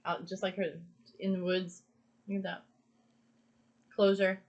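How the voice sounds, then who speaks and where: A woman's voice: medium pitch, level tone, a little slow. A woman talks through a pick-a-card reading in an earnest, emphatic way, circling back to the same phrases to drive them home. Her voice sits in a middle register. The recording is dull and lo-fi. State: emotional. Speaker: tarot card reader.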